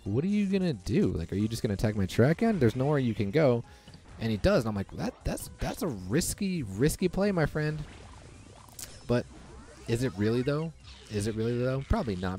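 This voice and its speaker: A young man giving casual, excitable commentary over his own gameplay, reacting loudly to lucky and unlucky rolls. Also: medium pitch. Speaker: gaming commentator. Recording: faint background music.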